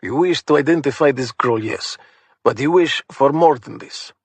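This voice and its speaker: A man's voice: medium pitch, husky, no echo. Man putting on a polite old Russian ex-mobster. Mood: polite, guarded. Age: older. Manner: measured and courteous. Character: older male Russian ex-mobster, polite and dignified.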